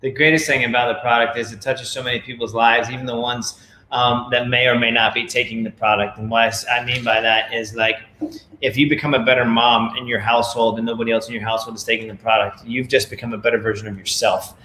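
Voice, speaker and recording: A man's voice: mid-range voice, little pitch movement, quick pace, bright, forceful tone, roomy sound, slight background noise, low-quality recording. A man casually talking to viewers at home, rambling with many fillers and a preachy tone. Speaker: network marketing leader. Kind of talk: casual video talk to viewers.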